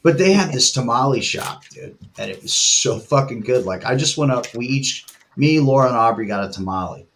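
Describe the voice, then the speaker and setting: A man's voice: mid-range voice, lively intonation, normal speed, few pauses, a bit bright, a little hiss or hum. A middle-aged man, host and band musician, in rambling, profane casual chat with lots of filler and laughter.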